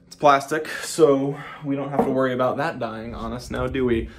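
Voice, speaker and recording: A man giving a casual vlog tour of a hotel suite, rambling with sarcastic jokes and deadpan asides. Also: mid-range voice, normal speed, slight background noise. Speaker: vlogger.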